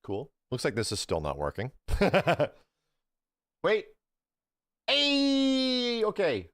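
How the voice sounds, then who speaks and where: A man's voice: on the low side, huge pitch swings, measured pace, dry recording, clean studio sound. A man live-streaming, chatting casually with his viewers, rambling through opinionated takes and swearing freely.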